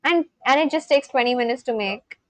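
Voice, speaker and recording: A young woman from India chatting casually on a livestream, reading out viewers' comments and reacting with gushing excitement. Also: high voice, fairly quick, no room sound, low-quality recording. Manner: gushing, reads chat aloud and reacts.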